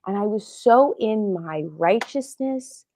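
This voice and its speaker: A woman's voice: mid-range voice, animated, slow pace, mellow. A middle-aged woman speaking as a guest psychotherapist in an interview, talking earnestly and emotionally about her own past. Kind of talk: candid interview talk.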